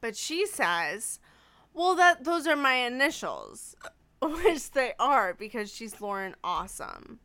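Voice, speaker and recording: A woman's voice: fairly high pitch, wildly swooping pitch, slow pace, sharp tone. Tipsy giggly young woman with hiccups. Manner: giggly, rambling. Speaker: podcast co-host. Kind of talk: casual chat.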